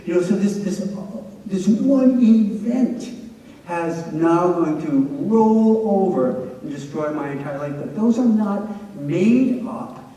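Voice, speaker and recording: A man's voice: high-pitched, animated, takes it slowly, mellow, recorded from a distance. A middle-aged man gives a chatty talk to students, telling anecdotes with frequent "you know" fillers. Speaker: presenter. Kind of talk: lecture to students. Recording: echoey hall heard from afar.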